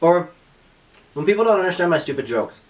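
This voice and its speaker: A young woman co-hosting a casual podcast chat, sarcastic and animated, laughing often and acting out the people in her stories. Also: on the low side, fairly quick, far from the mic. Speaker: podcast co-host.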